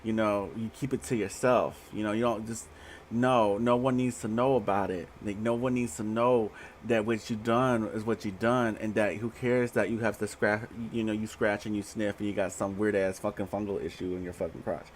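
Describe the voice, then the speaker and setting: A man's voice: lowish voice, steady tone, moderate pace, a little hiss or hum. Blunt, profane man reading tarot. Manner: blunt, profane, laughs often. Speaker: tarot reader. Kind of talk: casual livestream tarot reading.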